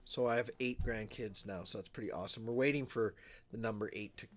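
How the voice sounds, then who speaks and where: A man's voice: fairly low pitch, fairly quick, a little hiss or hum. Chatty older man from Alberta, livestreaming. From Alberta, Canada. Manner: rambling, chatty, reads out viewer comments. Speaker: livestream host. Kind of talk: casual livestream chat with viewers. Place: small town home.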